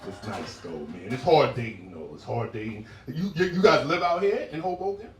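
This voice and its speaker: Animated male stand-up in a roomy club. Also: moderate pace, slight background noise. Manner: animated, jumps into high-pitched impressions of women. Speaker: stand-up comedian. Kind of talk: stand-up set with crowd work. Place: comedy club stage. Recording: roomy live club sound heard from a distance. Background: laughing audience.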